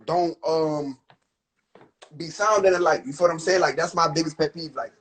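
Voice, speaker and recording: A man's voice: on the high side, normal speed, a bit bright, poor audio. Profane young man ranting on a livestream. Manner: profane, rambling, venting, trailing off. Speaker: rapper on livestream. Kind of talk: livestream rant.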